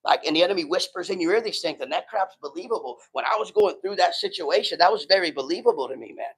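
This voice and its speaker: High-pitched guy preaching to a room, casual and slangy, keeps saying man. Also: expressive, fast talker, slightly rough, poor audio. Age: middle-aged. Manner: casual, street-talking, says "man" a lot. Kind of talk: sermon. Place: room with a live audience.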